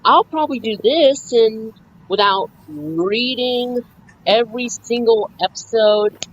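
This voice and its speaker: A woman's voice: fairly high pitch, takes it slowly. A woman chatting on a video call, hesitant and often correcting herself. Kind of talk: casual video-call chat. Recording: dull call audio with faint noise.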